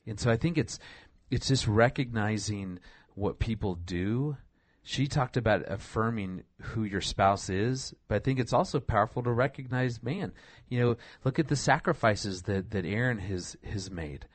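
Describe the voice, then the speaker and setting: A husband as a guest on a talk show, speaking earnestly with frequent restarts. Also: male voice, on the low side, normal speed, few pauses. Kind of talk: conversational interview.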